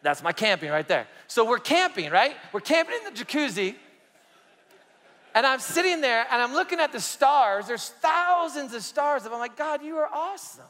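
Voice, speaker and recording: High-voiced preacher telling a story. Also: male voice, normal speed, long reverb tail. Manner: animated storytelling, swings loud and soft. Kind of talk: sermon testimony.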